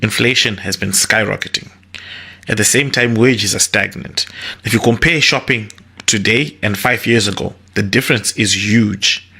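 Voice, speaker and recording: Gravelly, low-voiced man, measured. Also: bright, forceful tone. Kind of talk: commentary to camera.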